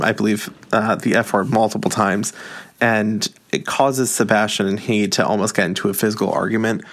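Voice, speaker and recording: Chatty young man with vocal fry. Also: fairly low pitch. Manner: chatty, candid, laughs often while recounting. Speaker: book reviewer. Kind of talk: casual book recap.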